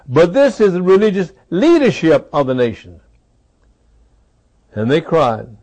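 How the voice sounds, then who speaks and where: Slow, highly expressive male preacher. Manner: dramatic, repetitive emphasis. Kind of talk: sermon.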